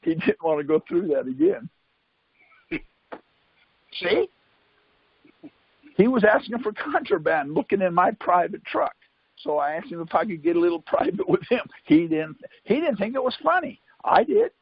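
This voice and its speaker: Host for a call-in show, husky, dry, dull lo-fi phone-call sound, anecdotal and chatty. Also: male voice, sits high, sing-song, moderate pace, pauses often, dry recording. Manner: keeps asking "See?" while telling anecdotes. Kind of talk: casual storytelling on a call. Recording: dull lo-fi conference call line.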